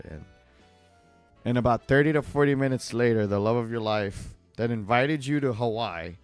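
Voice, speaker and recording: Low-voiced guy rambling on stream while he draws, laughs a lot, faint music behind. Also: animated, normal speed, clear, resonant tone, no room sound. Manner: rambling and digressive, laughs often. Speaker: live-stream artist. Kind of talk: casual chat while drawing.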